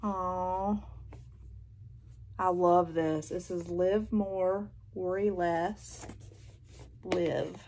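Gravelly Southern woman gushing over gifts. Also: lowish voice, steady tone, extremely slow, pauses often, a little mellow, slight background noise. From North Carolina, US. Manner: gushing, exclamatory, addresses viewers as y'all. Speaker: haul vlogger. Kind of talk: casual unboxing chat. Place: indoors at home, seated in a chair. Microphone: phone.

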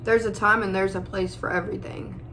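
A young woman speaking in an emotional personal vlog, close to tears, pausing often and calling her viewers y'all. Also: medium pitch, fairly even intonation, pushed and bright, a little hiss or hum. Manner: tearful, holding back crying, pausing often. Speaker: vlogger.

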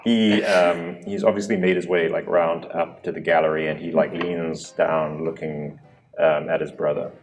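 A man's voice: low-pitched, flat delivery, normal speed. A man narrating as dungeon master in a loose, rambling way with many fillers. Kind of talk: narrating a tabletop game.

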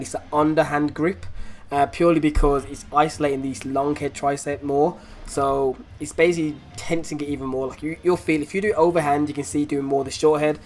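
A young man, chatting casually and upbeat in a fitness vlog, rambling with fillers. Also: on the high side. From England. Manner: relaxed voice-over explaining exercises. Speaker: fitness vlogger. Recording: music playing under the voice.

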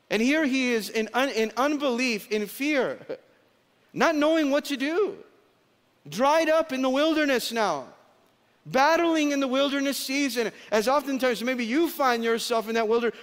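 A pastor preaching a sermon at a conference, emphatic, slowing and dropping low on key phrases. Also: male voice, fairly bright tone. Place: large conference hall. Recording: long hall reverb.

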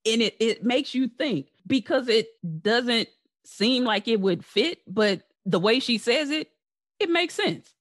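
This woman hosts her own podcast and chats casually with her brother, laughing often and closing with a warm sign-off patter. Her voice is a little high, with lively intonation and an unhurried pace.

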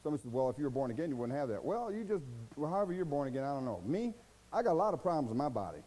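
A pastor delivers a sermon in a homey, conversational style, sinking to quiet murmurs before climbing into loud, high-pitched bursts. He is extremely animated and talks very fast, and the recording is rough.

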